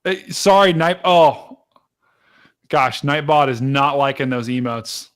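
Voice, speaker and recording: A man hosting a live storm-tracking stream, chatting casually to his viewers and explaining radar, excitable and talkative. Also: mid-range voice, normal speed, clean tone. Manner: excitable, chatty, talks to chat directly. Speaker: livestream weather host.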